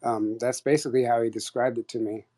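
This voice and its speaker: A man in the middle of a long, casual story, his speech packed with "like" and quick restarts. His voice sits at an ordinary, middle pitch, and he tells it in an animated, rambling way. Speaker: guest storyteller on an audio chat.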